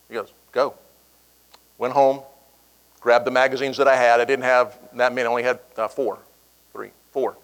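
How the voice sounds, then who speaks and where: A middle-aged man speaking at an event and telling a personal story. His voice sits in an ordinary middle register. He acts out the quoted voices with sudden jumps in pitch. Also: a bit bright, rough recording. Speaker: keynote speaker. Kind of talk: storytelling speech.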